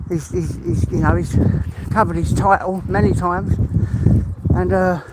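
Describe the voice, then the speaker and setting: A high-voiced English man talks to his live viewers while walking a dog outside, slightly out of breath. His talk is chatty and rambling, broken by laughs. Clear outdoor noise runs under his voice. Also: fairly even intonation, measured pace. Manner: chatty, rambling, laughs often, greets chat by name. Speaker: live-stream host.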